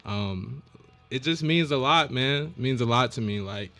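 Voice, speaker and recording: A man's voice: medium pitch, expressive, normal speed, fairly bright tone, soft background music. A man, a local rapper, chatting casually as a podcast guest, laid-back and full of "man" and "like". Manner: laid-back, lots of "man" and "like", thanks repeatedly.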